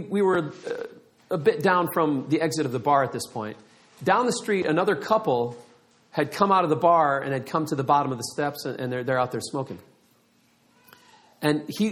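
A middle-aged man preaching a sermon, telling a story with lively acted-out quotes. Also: fairly high pitch, moderate pace. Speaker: pastor.

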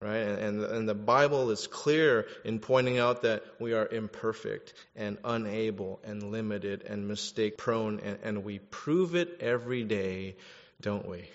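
Animated male pastor preaching in a hall. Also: lowish voice, unhurried. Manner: animated, jokey, swings from quiet to loud. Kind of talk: sermon. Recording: dull sound in a reverberant hall.

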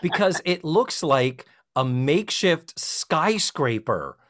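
A man's voice: on the high side, sing-song, slow, fairly bright tone. Casting: fifties man from Massachusetts, podcast co-host, chatty and joking, easy pace. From South Shore of Massachusetts. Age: 50s. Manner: chatty, joking, reading from notes. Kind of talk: casual chat.

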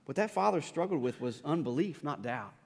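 Man, pastor preaching, dramatic voicing, slightly high voice, long hall reverb. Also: lively intonation, a little fast, vocal fry. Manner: dramatic, acts out the Bible voices with rising pitch and force; repeats words and restarts often. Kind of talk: sermon.

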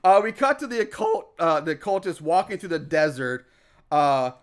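A man co-hosting a casual podcast, recapping a movie scene by scene in an animated, profane way and laughing often. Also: a little high, normal speed. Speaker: podcast co-host recapping a film. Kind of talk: casual chat.

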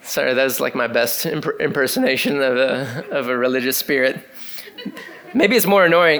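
A man with a voice on the high side preaches at normal speed. His sermon feels conversational and energetic as he reads scripture and speaks directly to the congregation, using many casual fillers.

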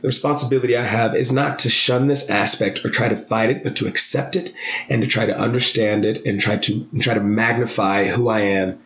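A man in his thirties talking candidly as a podcast guest, earnest and animated, his voice jumping high for emphasis. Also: a little fast, reverberant, muffled recording, slight background noise.

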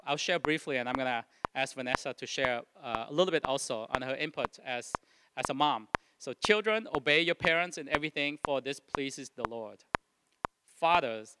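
A man preaching a sermon to his congregation, earnest and plain-spoken, often stopping to restart or correct himself. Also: medium pitch. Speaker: pastor. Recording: loud background noise.

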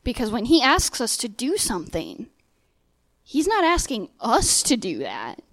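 A woman's voice: a little high, huge pitch swings, a little slow, a bit bright, dry recording. A young adult woman giving a sermon-style talk, telling a personal story and acting out the dialogue in quoted voices. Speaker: speaker sharing a testimony.

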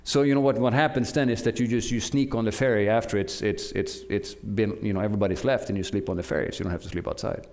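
A man from Norway preaching a sermon, urging his listeners with animated delivery and frequent restarts. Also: on the low side, quick pace, hardly any pauses.

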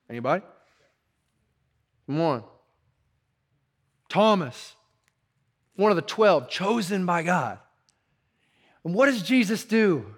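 A man's voice: high voice, lively intonation, a little slow, long pauses, fairly bright tone. A male pastor preaching a sermon in a conversational, urgent way, full of "like" and "you know".

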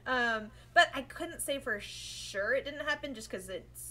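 Bright-voiced woman recapping casually. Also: on the high side, rough recording. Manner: animated, acts out characters' lines in quick voices. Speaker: podcast co-host. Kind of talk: casual chat recapping an anime episode.

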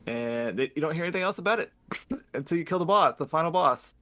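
A man on a podcast casually recapping a video game story, rambling and swearing, laughing as he acts out characters in quick paraphrase. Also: on the high side, lively intonation, fairly bright tone, dry recording. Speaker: podcast host.

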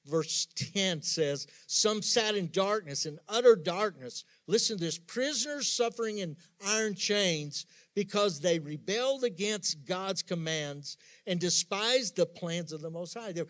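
A man's voice: high voice, lively intonation, a little slow, few pauses. Emphatic preaching pastor, a man. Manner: emphatic preaching with sudden soft drops and rising outbursts. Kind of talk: sermon.

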